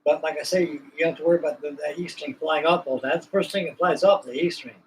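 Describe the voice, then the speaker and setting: A man's voice: on the high side, steady tone, quick pace, slight background noise, rough recording. A man hosting a livestream, chatting casually in a folksy, rambling, colloquial way. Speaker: livestream host. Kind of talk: casual chat.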